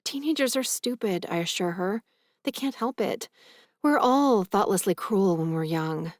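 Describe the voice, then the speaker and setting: A woman narrating a romance audiobook in the first person, earnest and gentle. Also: mid-range voice, animated, a little slow, no echo, studio quality.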